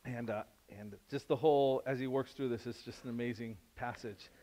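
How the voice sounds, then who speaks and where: A male pastor preaching a conversational sermon, animated and full of restarts. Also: medium pitch, normal speed.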